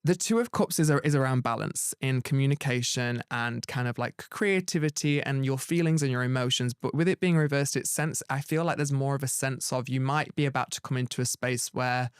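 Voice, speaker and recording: A man's voice: medium pitch, a little fast, few pauses, smooth, dry recording, clean studio sound. Rambling male tarot reader. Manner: rambling, many "like" fillers and restarts; earnest and reassuring. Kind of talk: tarot reading conversation.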